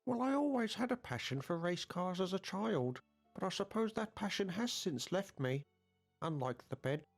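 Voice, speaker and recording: Man voicing a lonely game man-child, prim and formal, lively pitch, game soundtrack under him. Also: moderate pace, faint music behind, full character voice. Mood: wistful. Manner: formal, mild and wistful. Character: prim lonely adult man still ruled by Mother.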